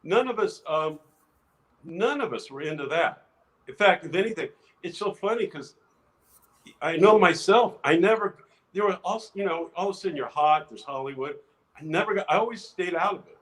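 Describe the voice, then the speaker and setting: An older man, an actor guest, telling lively anecdotes in a casual interview, restarting phrases often. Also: on the high side, moderate pace, rough recording. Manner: animated anecdotes with many restarts.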